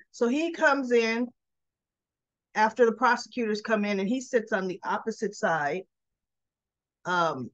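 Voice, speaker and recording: A woman giving a casual recap of a soap episode, retelling scenes with lively asides and slipping into the characters' lines. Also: medium pitch, no echo. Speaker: soap opera recap vlogger.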